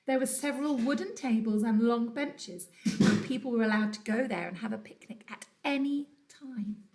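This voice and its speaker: A woman teacher reading a children's storybook aloud from home, telling it in an animated, dramatic way. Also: fairly high pitch, moderate pace, slight background noise. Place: at home during lockdown.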